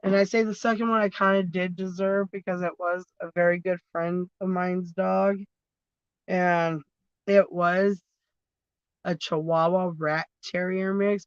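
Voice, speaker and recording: A woman's voice: lowish voice, steady tone, measured pace, smooth, no room sound. Rambling, swearing woman on a lo-fi phone stream. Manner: rambling, swears freely, laughs often. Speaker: livestream host. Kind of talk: casual livestream chat.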